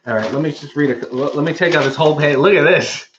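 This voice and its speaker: A man's voice: a little high, quick pace, fairly bright tone, highs cut off, a little hiss or hum. A man hosting a casual comedic stream, reading chat comments and comics aloud with dry, offhand joking asides. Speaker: streaming show host.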